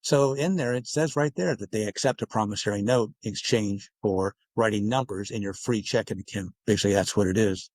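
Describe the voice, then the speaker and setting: In a dry recording, a man with a lowish voice talks a little fast and barely pauses. Interviewed on a podcast as an author, he lays out his ideas at length, voicing quoted dialogue as he goes.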